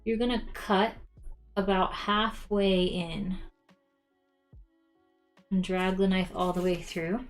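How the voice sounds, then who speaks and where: A woman's voice: mid-range voice, level tone, takes it slowly, long pauses. Casual, friendly young woman host for a how-to craft stream, mid-range voice, speaks to viewers directly, light music underneath. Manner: chatty, talks to viewers as "you guys", many ums. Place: home craft room.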